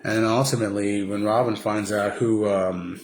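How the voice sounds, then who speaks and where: A man with a lowish voice recapping a movie in a loose, casual way. He rambles, restarts sentences and leans on filler words, with a faint hiss of noise behind him. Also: fairly even intonation, moderate pace. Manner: rambling, many fillers and restarts, slips into impressions. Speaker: vlogger.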